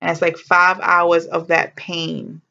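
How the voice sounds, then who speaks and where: Woman vlogger, casual story, gravelly fry, muffled lo-fi sound. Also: fairly low pitch, little pitch movement, takes it slowly, pushed and bright. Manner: chatty and heartfelt, with exclamations and slang.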